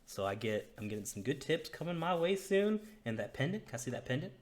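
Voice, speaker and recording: A chummy, tip-hungry orc cart driver, played by a man. He is slangy and casual, with squeaky high whoops of delight, and he lowers his voice to a conspiratorial near-whisper when he asks for favors. It is a tabletop game voice. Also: sing-song, quick pace.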